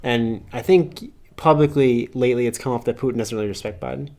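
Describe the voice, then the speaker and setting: A man's voice: mid-range voice, a little fast, dark tone. A man co-hosting a podcast, chatting casually about politics in a joking, conversational way. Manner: conversational, joking, many fillers. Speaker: podcast co-host.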